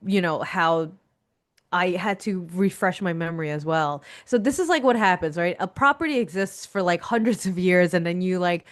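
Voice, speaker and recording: A woman in her thirties, a comic artist guest on a podcast, chatting in an animated way, laughing often and acting out reactions. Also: lowish voice, normal speed. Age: 30s. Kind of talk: casual interview chat.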